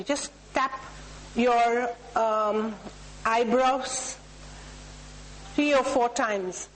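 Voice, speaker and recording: A woman's voice: a little high, slow, slight background noise, low-quality recording. A woman with an Indian English accent leading a group through a tapping exercise, giving instructions and chanting repeated cue words. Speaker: workshop leader. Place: talk room with a group.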